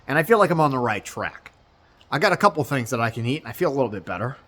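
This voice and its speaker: Young man, vlogger, fairly high voice, lively swinging pitch, blunt, joking, casual to camera. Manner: animated, blunt and joking, with bursts of mock outrage. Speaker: vlogger and streamer.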